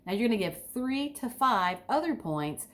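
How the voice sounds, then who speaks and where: Speaking at a normal speed in a slightly high voice, an enthusiastic woman coaches listeners on public speaking. She asks them questions directly and occasionally gets overly excited.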